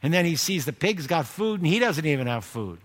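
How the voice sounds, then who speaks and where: An older male pastor delivers a sermon in an animated, swooping voice that sits a little high for a man. He breaks into loud bursts and acts out the people in his stories. The sound carries the long reverb of a large hall. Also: brisk. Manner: animated preaching, acting out quotes with sudden shouted bursts.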